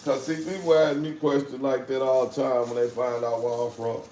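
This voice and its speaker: A man from St. Louis runs a casual live chat, his medium-pitched, dark voice showing little pitch movement at a normal speed. He speaks streetwise and repeats phrases, and the recording sounds roomy with faint background noise.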